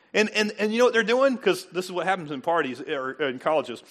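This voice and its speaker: Very animated and brisk, this middle-aged male pastor preaches in a high, slightly bright voice. His sermon is chatty and conversational, full of jokes with the congregation and acted-out quoted voices.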